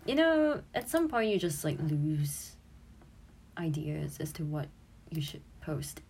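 A woman's voice: deep voice, very animated, slow, gravelly, darkish tone, slightly rough. A woman in her twenties, an audio creator and streamer, chatting casually and giggling as she looks back on her old posts, swearing freely.

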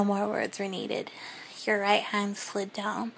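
A woman reading a first-person story in a soft, breathy, unhurried whisper. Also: mid-range voice, little pitch movement, a little hiss or hum. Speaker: narrator.

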